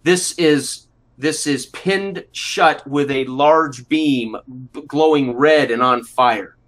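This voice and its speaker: A man narrates a tabletop role-play session as its game master. His voice sits a little higher than most men's, and he talks in halting bursts full of fillers and restarts. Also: fairly bright tone.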